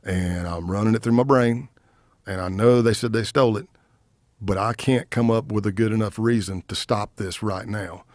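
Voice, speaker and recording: Low-voiced man telling a gripping story. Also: normal speed, no echo, studio quality. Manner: animated storyteller who acts out the other people's lines. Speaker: retired undercover agent, podcast guest. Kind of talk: storytelling in a podcast interview.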